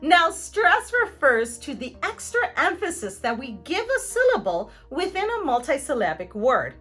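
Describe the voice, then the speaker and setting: A woman teaching pronunciation in a scripted lesson, her voice high and bright. She swings her pitch a lot and sounds out example words carefully, with a playful, joking streak. Soft music plays under her. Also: sing-song, normal speed. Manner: playful, jokey, clearly articulated examples.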